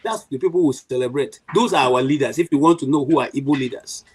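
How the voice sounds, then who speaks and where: A man's voice: mid-range voice, fast, a little mellow, slightly rough, rough recording. A middle-aged Nigerian man giving impassioned political commentary on a panel, emphatic, with frequent restarts and "you know" fillers.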